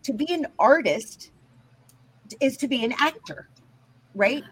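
A woman's voice: high voice, expressive, measured pace, husky, low-quality recording. A woman teaching scripture in an emphatic way, often checking in with her listeners. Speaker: Bible teacher.

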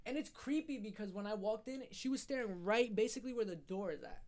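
A man's voice: sits high, fairly quick, a little mellow, a little hiss or hum. A young man telling a personal story in casual, slangy speech.

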